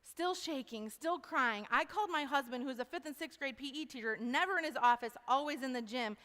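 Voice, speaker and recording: Woman telling her story to a crowd, high pitched, lots of y'all, echoey big hall. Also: brisk. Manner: animated, folksy, addresses audience as y'all. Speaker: speaker at a university event. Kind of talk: testimony talk. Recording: long hall reverb.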